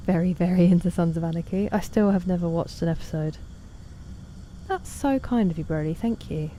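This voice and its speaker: Mellow-voiced woman streaming. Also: lowish voice, fairly quick, a little hiss or hum. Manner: chatty, self-deprecating, reads out chat messages. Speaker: game streamer. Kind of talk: casual gaming stream chat.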